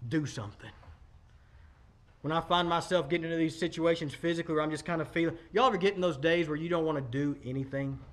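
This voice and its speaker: A man's voice: fairly high pitch, fairly even intonation, rapid-fire, few pauses. A man, preaching a sermon in a conversational, emphatic way, talking straight to the congregation. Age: 40s. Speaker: pastor.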